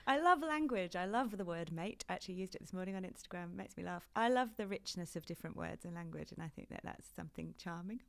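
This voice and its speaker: A woman's voice: on the low side, animated, fast talker, gravelly, hardly any pauses, fairly bright tone. A British woman in her thirties, a fashion journalist chatting animatedly as a podcast guest and laughing often. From Britain. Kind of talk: casual interview chat.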